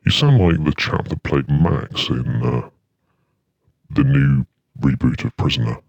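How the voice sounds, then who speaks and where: A man's voice: rumbling low, measured pace, darkish tone, no echo, dull audio. A man hosting an internet radio show, chatting casually between tracks in a dry, rambling, self-mocking way. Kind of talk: casual radio chat and music links.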